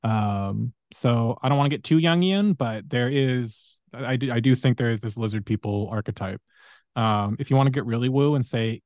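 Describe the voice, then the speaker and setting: A man's voice: mid-range voice, normal speed, a little mellow, no room sound, clean studio sound. A man hosting a podcast, telling long stories in a rambling, casual way with many fillers. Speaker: podcast host.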